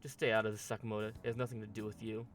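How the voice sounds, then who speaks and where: A man voicing a bitter, defensive high-school boy in a game, reading in a strained, pleading way. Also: little pitch movement, racing, faint music behind, close to an everyday voice.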